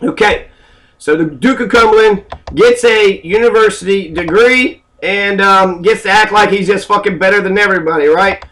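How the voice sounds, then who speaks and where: A man's voice: high voice, normal speed, a bit bright, rough recording. A man giving an angry, profane history lecture, full of rhetorical questions and hesitant fillers. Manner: angry, ranting, heavy cursing, rhetorical questions. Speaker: speaker giving a political history talk.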